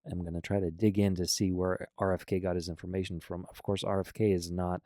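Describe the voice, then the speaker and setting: A man with a very low, deep voice hosts a reaction commentary. He argues bluntly and emphatically, pushing back point by point. The sound is dry and close, with no room around it. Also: flat delivery, a little fast, warm tone, no room sound. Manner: blunt, argumentative, emphatic rebuttals. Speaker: political commentator.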